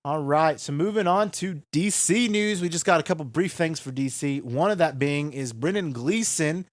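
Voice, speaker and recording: A man co-hosting a podcast in casual chat, eager and quick to laugh. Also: on the high side, no echo, studio quality. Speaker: podcast co-host.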